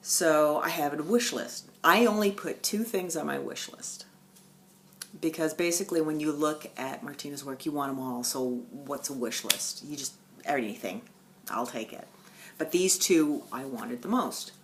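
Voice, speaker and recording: Low-voiced woman, animated storyteller. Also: normal speed, slight background noise. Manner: animated storytelling, swings from loud bursts to hushed asides. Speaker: stitching vlogger. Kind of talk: casual chat. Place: at home.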